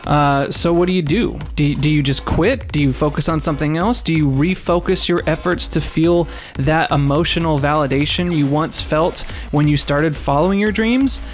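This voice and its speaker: A man's voice: on the high side, normal speed, few pauses, faint music behind. Chatty young man hosting a podcast. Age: young adult. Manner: chatty, laughs often, frequent fillers. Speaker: podcast host. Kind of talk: casual podcast chat.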